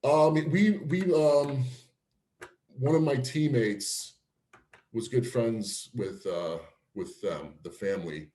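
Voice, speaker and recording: A former pro pitcher from Cleveland telling career stories in a casual interview, laughing often and acting out quotes. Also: male voice, slow, reverberant. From Cleveland, Ohio. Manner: animated storyteller, laughs often, acts out quotes.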